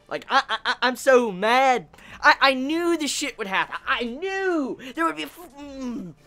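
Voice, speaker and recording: Woman reviewer, slightly high voice, exasperated rant, stammers and swears freely. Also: very animated, unhurried, pushed and bright, faint music behind. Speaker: anime reviewer. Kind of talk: casual ranting review.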